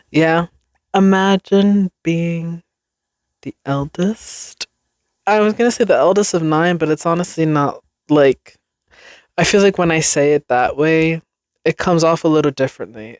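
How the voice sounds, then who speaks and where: Young woman solo podcast host: slow, loose rambling delivery, self-deprecating, laughs a lot, dry close sound. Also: low voice, a little mellow, no room sound. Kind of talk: casual solo podcast chat.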